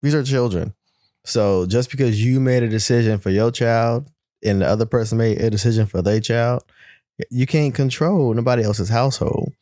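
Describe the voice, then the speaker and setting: An animated man co-hosting a podcast, reacting to a clip in loose casual chat. His voice sits in a mid range, recorded close and dry with no room sound. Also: mid-range voice, moderate pace, dry recording. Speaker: podcast co-host.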